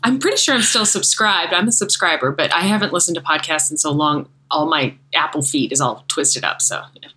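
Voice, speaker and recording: A woman's voice: deep voice, a little fast, bright, forceful tone, slight background noise, rough recording. An American woman co-hosting a fight-sports podcast, talking casually in a rambling, self-deprecating way and laughing often. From United States. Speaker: MMA commentator and podcast co-host.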